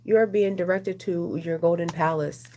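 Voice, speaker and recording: A woman's voice: lowish voice, moderate pace, background noise. A woman doing a casual, rambling oracle card reading, chatting with her viewers as she goes. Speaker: tarot reader.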